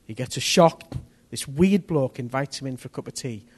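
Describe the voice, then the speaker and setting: A man preaching a testimony sermon, telling his story in an animated way that rises to near-shouts at the tense moments. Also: mid-range voice, normal speed, husky.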